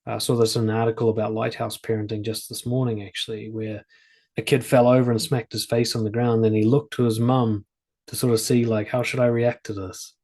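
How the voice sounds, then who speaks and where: A man's voice: mid-range voice, level tone, fairly quick, a little mellow. A man coaching parents on confidence, talking plainly and conversationally and drawing on examples from his own family. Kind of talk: advice talk to camera.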